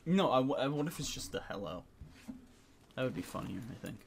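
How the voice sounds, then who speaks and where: A man's voice: mid-range voice, very animated, a little fast, crowd noise. A young man hosting a podcast, reading entertainment news in a crude, joking, rambling chat with friends. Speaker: podcast host.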